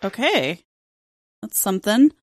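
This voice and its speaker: A woman playing a tabletop game, counting dice and describing her attack in an unhurried, casual way. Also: medium pitch, very animated, slightly rough, no echo, clean studio sound.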